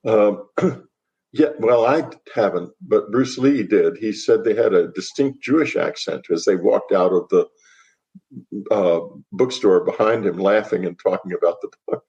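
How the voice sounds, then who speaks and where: A man's voice: fairly low pitch, measured pace, warm tone, highs cut off. An older man, a guest author on a podcast interview, speaking bluntly and dismissively, with a laugh at what he finds absurd.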